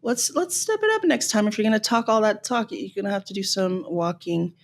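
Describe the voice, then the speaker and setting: A woman from Los Angeles hosting a podcast, ranting in an animated, sarcastic way and swearing freely. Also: mid-range voice, a little fast. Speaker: podcast host. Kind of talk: casual rant.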